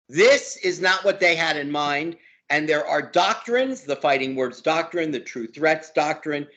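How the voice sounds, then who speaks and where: A man's voice: fairly high pitch, a bit bright. A man, a law professor as interview guest, talking heatedly and hammering points by repeating words. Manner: emphatic, repeats words for force. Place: lives in Brooklyn.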